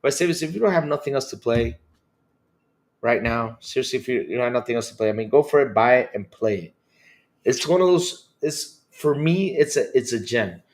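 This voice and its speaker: A man's voice: medium pitch, lively intonation, a little fast. A man hosting a casual podcast, chatting loosely, repeating himself, swearing and laughing often. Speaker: podcast host. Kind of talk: casual livestream chat reacting to chat comments.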